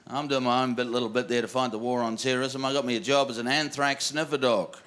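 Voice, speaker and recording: A man's voice: mid-range voice, fairly even intonation, fast, smooth. A man with a New Zealand accent doing a crude stand-up routine, acting out other voices. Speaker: stand-up comedian. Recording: live stand-up with loud crowd and noise. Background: audience laughter.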